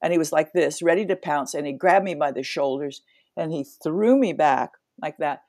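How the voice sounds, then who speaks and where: A woman's voice: sits low, moderate pace, a little mellow, dry recording, clean studio sound. A woman in her seventies, an interview guest, telling a story vividly, acting out scenes with sound effects and many restarts. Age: 70s.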